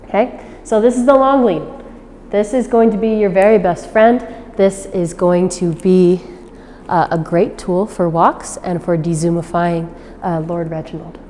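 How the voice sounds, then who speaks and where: A woman's voice: steady tone, measured pace, dark tone, in a large hall, slight background noise. Woman dog trainer explaining outdoors. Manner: explains patiently, then switches to high-pitched praise for the dog. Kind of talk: instructional demonstration.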